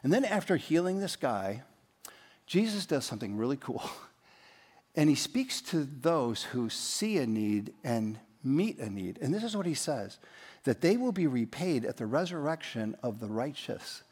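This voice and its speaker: A man's voice: mid-range voice, very animated, unhurried, darkish tone, husky, in a large hall. A man preaching a sermon as pastor, emphatic and leading his congregation in reading aloud. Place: church.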